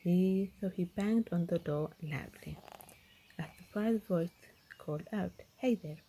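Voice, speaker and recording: A woman's voice: fairly low pitch, measured pace, warm tone, husky. A woman reading a children's storybook aloud in a whispered role-play style. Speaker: reader.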